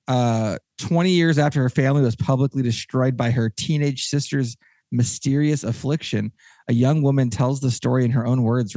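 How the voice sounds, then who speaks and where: A man hosting a casual podcast chat with a Texan accent, rambling and excitable, with many restarts. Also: medium pitch, no echo, studio quality. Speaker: podcast host.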